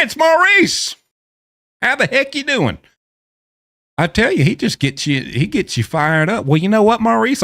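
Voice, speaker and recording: A man's voice: sits high, a bit bright, no echo, clean studio sound. A man chatting casually and playfully with his live-stream audience. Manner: playful, joking banter with chat. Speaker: livestreamer.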